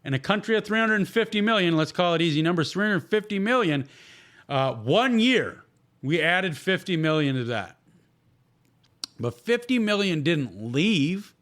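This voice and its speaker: A man's voice: high-pitched, very animated, moderate pace, a bit bright. A man hosting a solo podcast, talking bluntly with heavy swearing and sarcasm. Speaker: podcast host.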